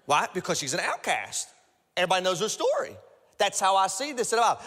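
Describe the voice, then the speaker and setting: A male pastor preaching a sermon, energetic and repetitive, building up to shouts. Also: sits high, racing. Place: large church auditorium. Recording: echoey large hall.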